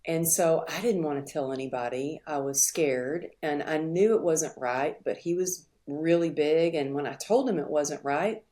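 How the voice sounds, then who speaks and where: Middle-aged woman guest, low register, earnest and reflective, halting now and then. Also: dark tone. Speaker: podcast guest. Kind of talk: candid interview storytelling.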